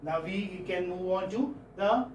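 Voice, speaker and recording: A man's voice: high-pitched, a little slow, a little hiss or hum. A man teaching phonetics in a classroom lecture, patiently checking in with his students as he goes. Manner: patient, checks in often with "okay?" and "hmm?". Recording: echoey classroom, mic far off.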